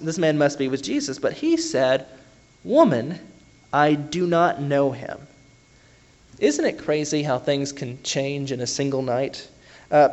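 A man with a darkish voice on the high side preaches a conversational sermon. He often pauses with fillers and restarts his sentences.

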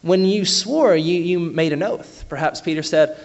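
A man delivers a conversational sermon in a voice on the high side, pausing often with fillers and restarting sentences. The recording's highs are cut off.

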